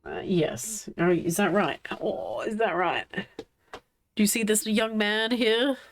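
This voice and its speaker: Woman live streamer, unhurried casual chat, playful scolding of her pets. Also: mid-range voice.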